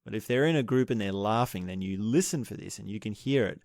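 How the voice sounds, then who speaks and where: A man teaching breathing techniques in a slow, measured way, explaining each step and pausing to restart his phrases. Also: fairly low pitch, gravelly, darkish tone, dry recording, clean studio sound. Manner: explains step by step, demonstrating laughter breathing aloud. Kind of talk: spoken lesson on breathing techniques.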